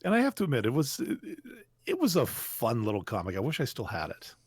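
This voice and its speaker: A man's voice: medium pitch, wildly swooping pitch, a little fast, slightly rough, dry recording. A man co-hosting a podcast in easygoing, casual chat. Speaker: podcast co-host.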